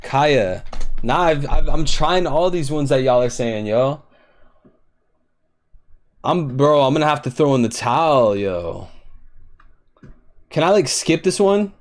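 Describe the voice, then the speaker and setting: A man's voice: a little high, animated, slow, pauses often. Frustrated young man streaming a quiz. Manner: frustrated, guessing aloud, swearing, addressing chat. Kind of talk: casual live-stream chat.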